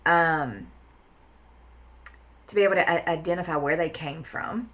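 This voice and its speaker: A woman's voice: sits low, measured pace, fairly bright tone. A woman talking in a casual podcast conversation, blunt and emphatic, swearing freely and repeating words for stress. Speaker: therapist guest.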